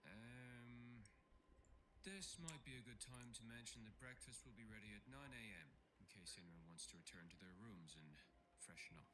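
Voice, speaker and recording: An actor playing a hesitant, polite young bellboy in a mystery game. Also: male voice, medium pitch, normal speed, close to an everyday voice. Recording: game voice with clear background noise.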